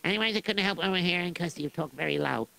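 A meek, poor shoemaker stammering through his words, as a man acts him out. His gravelly voice sounds bright and edgy. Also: high-pitched, quick pace, heavily acted. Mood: eager. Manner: stammering, hesitant.

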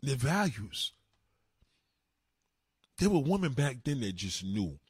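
A man hosting a livestream, ranting in a profane, animated way. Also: medium pitch, slow pace, husky, no room sound, clean studio sound. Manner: profane, animated, swinging delivery. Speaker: livestream host. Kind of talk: ranting comedic commentary.

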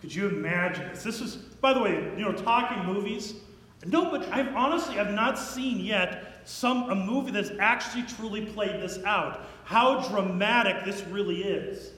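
A man's voice: high-pitched, moderate pace, a bit bright. A man preaching a sermon, retelling a scripture story in a conversational, dramatic way with asides to the listeners. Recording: echoey hall.

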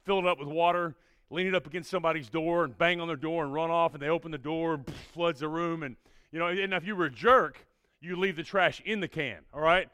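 A man, a preacher telling a youth group a story in an energetic way and checking in with "all right?" after almost every line. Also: on the high side, fairly quick, clean tone, no room sound.

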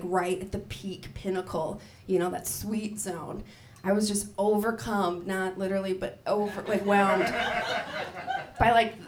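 A woman in her thirties performing a stand-up comedy set, telling stories with big swings up into loud shouts. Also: mid-range voice, far from the mic. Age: 30s. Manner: animated storytelling with big jumps to loud shouted voices. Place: comedy club stage. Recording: live club recording with crowd laughter. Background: audience laughter.

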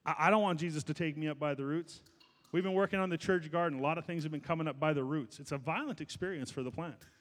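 A man preaching a sermon as pastor, building to loud, fervent exhortation. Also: on the high side, quick pace, long reverb tail.

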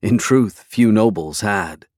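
A man reading scripted narration for an audiobook in a measured, even way. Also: fairly low pitch, no echo, clean studio sound.

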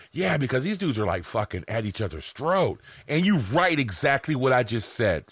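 A man's voice: mid-range voice, a bit bright, no echo. A man teaching content writing in a loose, live, profanity-laden ramble, often checking in with "right?". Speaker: online marketing instructor.

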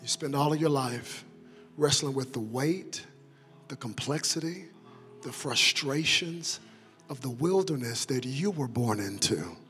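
A young male pastor preaching a sermon, moving between quiet talk and shouted, rousing calls to the congregation. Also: mid-range voice, expressive, a little slow. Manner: call-and-response preaching, swings from soft talk to shouted climaxes. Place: large church sanctuary. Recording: long hall reverb with organ music behind.

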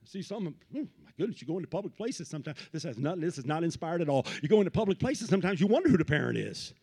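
A man preaching a Pentecostal sermon, swinging from low asides to shouted peaks and repeating phrases in a rhythmic build. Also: very animated, very fast, creaky, breathy edge. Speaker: pastor.

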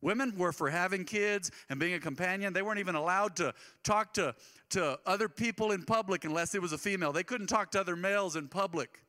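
Bright-voiced preaching man in a reverberant church. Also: high-pitched, fast talker. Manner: impassioned, swinging between loud emphatic lines and quiet asides. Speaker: pastor. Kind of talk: sermon. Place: church sanctuary. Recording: long reverb of a church hall.

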